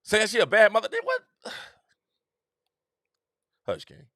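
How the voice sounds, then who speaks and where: A middle-aged man, hosting a casual opinion monologue with an animated, repetitive, preacher-like cadence. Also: high-pitched, fast talker, no room sound, clean studio sound. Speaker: host.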